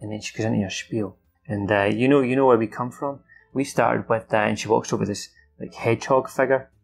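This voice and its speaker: A man talks through a film from memory, his voice gravelly and mid-range. He rambles with fillers and restarts and swears now and then as he recaps the plot. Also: mid-range voice, steady tone, a little fast, soft background music. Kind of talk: casual off-the-cuff recap.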